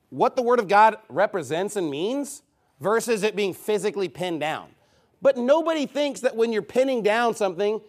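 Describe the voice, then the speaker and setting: A man preaching a heated, combative sermon, scornful of his opponents. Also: high voice.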